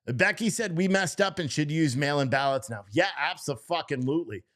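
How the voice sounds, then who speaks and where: A man's voice: fairly high pitch, expressive, a little fast. A man doing casual live stream commentary, reading posts aloud to his chat, swearing and mocking what he reads. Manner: profane, mocking, reacts loudly to what he reads; chats with viewers in the chat.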